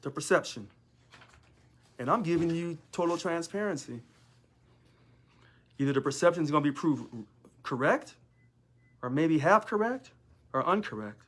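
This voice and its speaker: A man's voice: fairly high pitch, animated, moderate pace, pauses often, a bit bright. A man, a union local leader, talking in a sarcastic monologue full of rhetorical questions. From United States. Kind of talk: casual monologue video.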